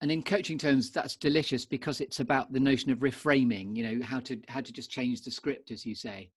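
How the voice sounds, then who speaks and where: A man's voice: medium pitch, fairly even intonation, brisk, breathy edge. A man hosting a podcast interview, playful and encouraging, asking questions in a coaching-minded way. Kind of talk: interview conversation.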